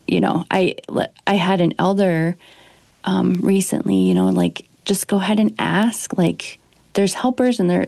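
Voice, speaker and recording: A woman's voice: lowish voice, creaky, dark tone, no echo. A woman speaking in casual conversation, rambling and hesitant with many fillers.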